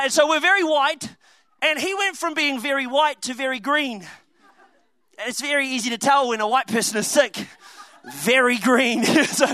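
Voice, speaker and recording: A young man preaching a comedic sermon, telling a story with laughs and quick asides. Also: very high voice, sharp tone, no room sound.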